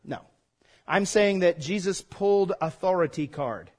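A man's voice: high-pitched, a little slow, darkish tone, slightly rough. A man preaching a sermon as pastor, conversational and folksy, prompting the congregation to call back.

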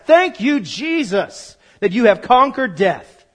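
A man preaching a sermon, emphatic and repetitive, swinging from quiet explanation to loud declarations. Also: high-pitched, very animated, normal speed. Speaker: pastor.

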